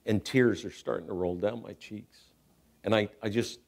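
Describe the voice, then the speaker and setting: A middle-aged man giving a talk at a spiritual center as guest speaker, telling a personal story with animated, self-mocking delivery and acting out voices. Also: on the low side, moderate pace, vocal fry. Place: church hall. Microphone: handheld microphone.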